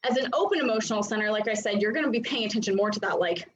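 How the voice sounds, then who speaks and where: A woman in her thirties coaching a live online class, chatty and animated, with many fillers. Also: medium pitch, very fast. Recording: dull lo-fi sound.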